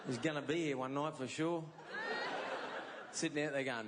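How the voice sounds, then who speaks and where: A man's voice: a little high, normal speed. A middle-aged Australian man performing a stand-up comedy set, telling stories and slipping into voices of the people in them. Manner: storytelling with voiced characters, animated impressions. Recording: live set with audience crowd and noise. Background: audience laughter.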